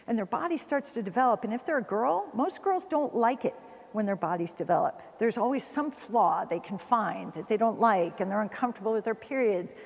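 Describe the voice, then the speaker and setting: Earnest woman lecturing in a reverberant hall. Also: medium pitch. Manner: earnest, conversational, quotes others in lively voices. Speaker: conference speaker. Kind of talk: lecture at a church conference. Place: church hall.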